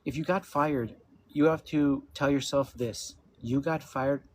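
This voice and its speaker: A man's voice: medium pitch, steady tone, a little slow, a little hiss or hum. A man in his fifties hosting a casual livestream chat, laughing often and talking loosely with some swearing. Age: 50s. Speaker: livestream host. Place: at home with his dogs.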